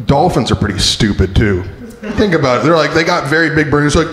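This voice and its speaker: A man doing a stand-up comedy set on a club stage, animated and quick to jump into silly high character voices. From Beaverton. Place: comedy club stage before a live audience. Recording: roomy club sound with crowd laughter.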